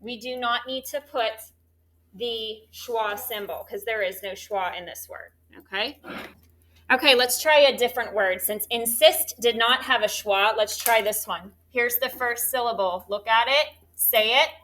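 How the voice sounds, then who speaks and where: Bright, slightly high woman teacher leading a third grade class through coaxing phonics drills. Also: unhurried, slight background noise. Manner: animated, coaxing call-and-response questions.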